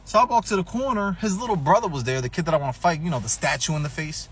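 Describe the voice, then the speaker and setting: A man's voice: a little high, racing, breathy edge. A man telling a profane, comedic personal story, acting out what people said. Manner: animated, profane, acts out quotes.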